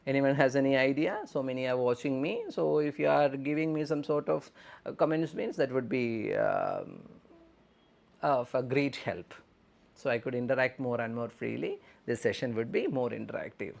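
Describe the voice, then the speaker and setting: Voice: medium pitch, big pitch swings, normal speed, vocal fry, a little mellow. A teacher leading a live online speaking lesson, explaining step by step and repeating phrases. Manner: instructive, repeats phrases, often says okay. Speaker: language exam teacher.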